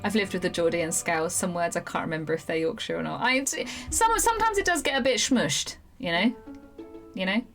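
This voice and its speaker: A woman's voice: fairly low pitch, animated, a bit bright, faint music behind. A woman from the United Kingdom, a live streamer and voiceover artist, chatting casually and rambling with frequent laughs. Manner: chatty, rambling, laughs often, slips into quick impressions. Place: home room at night.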